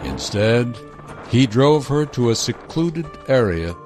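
A man narrating a news feature in a scripted, measured, dramatic storytelling manner. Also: medium pitch, sing-song, music in the background.

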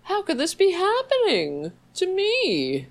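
A woman putting on a whiny, self-pitying conservative woman in a mocking, shrill and indignant voice. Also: huge pitch swings, takes it slowly, a little hiss or hum, exaggerated voice.

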